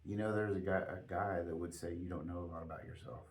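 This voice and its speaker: A man's voice: low voice, steady tone, fast talker. A man co-hosting a podcast, making dry, teasing remarks in casual chat.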